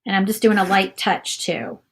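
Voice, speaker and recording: A woman hosts a relaxed live craft session, chatting freely as she works. Her voice sits at a middling pitch, and a faint hiss runs under the recording. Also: moderate pace. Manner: chatty, reads viewer comments aloud while painting. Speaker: craft video host. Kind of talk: casual live craft demo.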